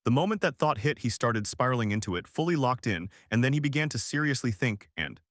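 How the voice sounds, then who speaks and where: Brief: male recap narrator, animated swings in pitch, dry close sound, slangy punchy delivery. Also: no echo. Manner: punchy, slangy retelling with quick restarts. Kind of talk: casual story recap narration.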